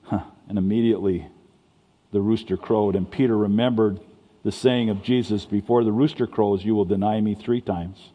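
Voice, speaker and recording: A man's voice: lowish voice, fairly even intonation, normal speed, highs cut off. A man giving a sermon as pastor, talking conversationally and stumbling over restarts. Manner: conversational preaching with stammered restarts. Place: church sanctuary. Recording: long reverb of a church hall.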